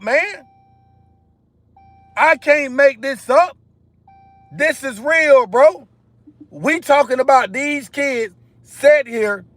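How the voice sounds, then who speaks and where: Emphatic high-voiced man on a livestream. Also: a bit bright, no echo. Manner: emphatic, repetitive, addresses viewers directly. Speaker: live stream host. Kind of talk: impassioned commentary monologue.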